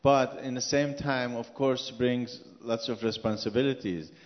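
A man's voice: medium pitch, fairly even intonation, big-room sound, highs cut off. A man from Iran with an Iranian accent, earnestly answering questions as a guest at a church gathering. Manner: earnest, speaking slowly with a foreign accent. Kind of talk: church interview.

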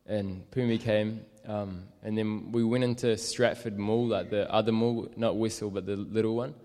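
A man's voice: lowish voice, fairly even intonation, moderate pace, mellow, long reverb tail. A young man telling a casual, rambling story as a street evangelist, full of fillers. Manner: rambling, many fillers and likes.

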